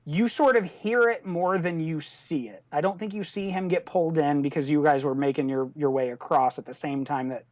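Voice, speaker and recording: A woman narrating as game master of a tabletop game, measured and thoughtful, with soft hums between thoughts. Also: sits low, dry recording.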